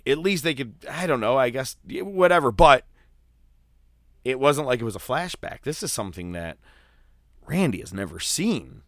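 A man co-hosting a casual podcast, recapping wrestling with animated, mock-dramatic storytelling. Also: medium pitch, moderate pace, dry recording, clean studio sound. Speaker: podcast co-host.

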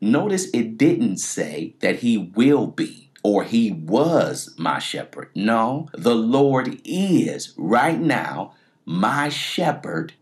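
A man preaching a sermon, emphatic, repeating key phrases and sometimes dropping to a near-whisper. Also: on the low side.

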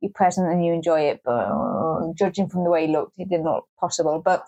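A woman's voice: lowish voice, brisk, warm tone, lo-fi sound. A woman co-hosting a podcast in casual chat, wry and grumbling, with lots of restarts and swearing. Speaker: podcast co-host.

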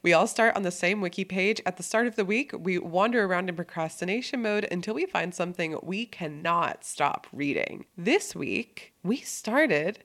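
A woman's voice: lowish voice, lively intonation, moderate pace, hardly any pauses, fairly bright tone. A woman hosting a podcast, introducing the episode and chatting in an upbeat, casual way. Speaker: podcast host. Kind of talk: casual chat.

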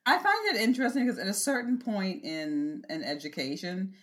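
Laughing while she speaks, a woman co-hosting a podcast tells stories with a wry, casual air. She talks at a normal speed in a mid-range, animated voice.

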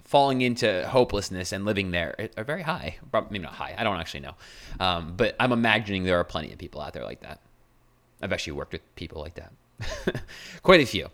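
A man's voice: lowish voice, a bit bright. A man hosting a solo podcast as a health coach, talking bluntly and casually with swearing and fillers.

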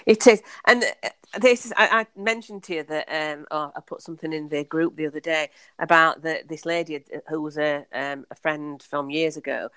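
A woman's voice: sits low, normal speed, fairly bright tone, smooth, dry recording. A woman, a podcast guest, talking chattily and enthusiastically with many fillers and restarts. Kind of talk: casual conversational storytelling.

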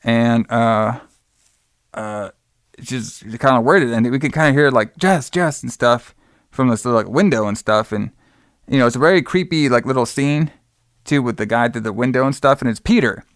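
This co-host has a clear, resonant, medium-pitched voice and a moderate pace, captured in a dry, clean studio recording. Chatting casually, he retells a movie scene by scene with lots of filler, animatedly performing characters' lines loudly and swearing without restraint.

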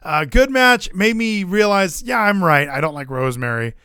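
Bright-voiced excitable man chatting. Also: high-pitched, moderate pace, clean tone, dry recording, clean studio sound. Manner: excitable, rambling, profane. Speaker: podcast co-host. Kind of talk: casual chat.

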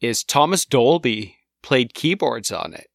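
A man's voice: medium pitch, expressive, a little slow, creaky, no echo, studio quality. Enthusiastic male podcast co-host. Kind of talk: casual music podcast chat.

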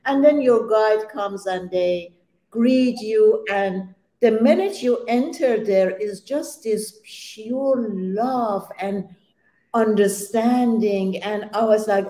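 A woman's voice: medium pitch, takes it slowly, dark tone, echoey room, poor audio. A woman on a round-table panel, a healer and coach, telling her own story and acting out the dialogue in it.

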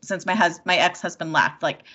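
A woman in her thirties in casual chat, telling a dating story in a rambling, animated way, full of "like" and swearing. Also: fairly low pitch, moderate pace, breathy edge. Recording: dull lo-fi sound.

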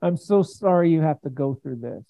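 A man voicing a tender, heartbroken divine figure who speaks slowly and softly to his friends. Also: on the high side, lively intonation, creaky, no room sound, pitched above the performer's own voice. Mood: tender, aching. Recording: dry, tinny phone-like sound.

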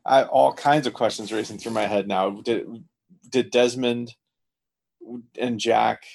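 A man's voice: mid-range voice, fairly even intonation, a little slow, gravelly, a little mellow. A man chatting on a podcast about a TV episode, thoughtful and stammering on his opening words. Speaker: podcast co-host. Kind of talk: casual TV recap chat.

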